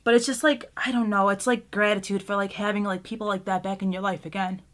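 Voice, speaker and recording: A woman's voice: medium pitch, level tone, fast. A young woman vlogging casually while doing her makeup at home, rambling with lots of fillers as she talks about being grateful and sometimes near tears. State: tearful at times. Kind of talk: casual get-ready-with-me chat.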